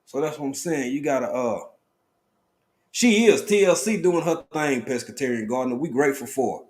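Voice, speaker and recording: A man of middle pitch hosts a casual live stream from home. He talks in a loose, relaxed drawl and calls out viewers by name, breaking into sudden excited bursts of greeting. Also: moderate pace.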